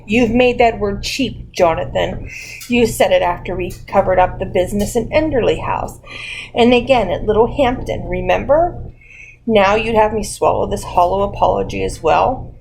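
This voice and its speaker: A furious older doctor, as a woman reader puts him on, bitter and accusing in an audiobook. The voice has a gravelly, creaky edge and sits at a middle pitch. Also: normal speed, a little mellow, a little hiss or hum, close to an everyday voice, low-quality recording. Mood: angry.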